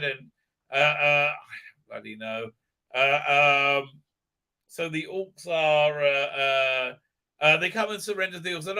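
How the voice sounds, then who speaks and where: A man's voice: a little high, measured pace, pauses often, pushed and bright, clean tone. A man hosting a live stream, ranting sarcastically with lots of swearing and filler sounds. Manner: sarcastic, profane, many fillers. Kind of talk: ranting commentary.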